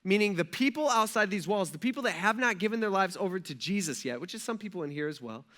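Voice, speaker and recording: High, bright-voiced casual male pastor. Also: expressive, quick pace. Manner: casual storytelling with slang and frequent asides; addresses the congregation directly. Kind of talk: conversational sermon.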